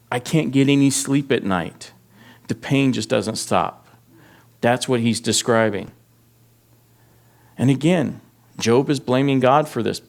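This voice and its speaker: A man preaching a verse-by-verse sermon at an everyday middle pitch. He reads scripture with mounting intensity and turns to speak plainly to his congregation. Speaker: pastor. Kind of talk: expository sermon.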